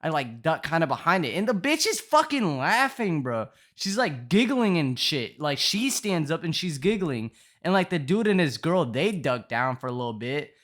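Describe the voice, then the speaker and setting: A man's voice: a little high, very animated, normal speed, hardly any pauses, a bit bright. Slang-heavy young man rambling a story. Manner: profane slang-heavy rambling with constant fillers. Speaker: vlogger telling a storytime. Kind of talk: casual storytelling.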